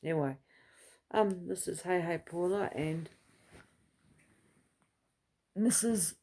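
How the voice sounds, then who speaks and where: A woman's voice: on the low side, unhurried, warm tone. A middle-aged woman chatting to camera in a rambling, heartfelt way, with many restarts. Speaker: vlogger. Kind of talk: casual chat to camera.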